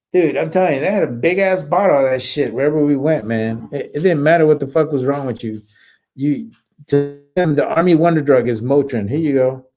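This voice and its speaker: A man's voice: fairly high pitch, a little mellow. A man in his forties, a veteran hosting a casual live chat, who swears freely and rambles with many fillers and restarts. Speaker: livestream host and Army veteran. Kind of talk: casual live chat, reading and answering viewer comments.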